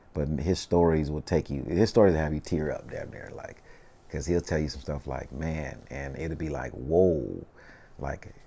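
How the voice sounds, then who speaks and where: A man's voice: a bass voice, warm tone, a little hiss or hum. A man, a rapper telling stories in a casual interview, slangy and laid-back, often saying "you know what I mean".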